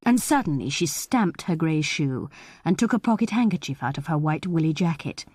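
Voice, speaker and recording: A woman narrating an audiobook of a short story in a measured, expressive way. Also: low-pitched, no room sound.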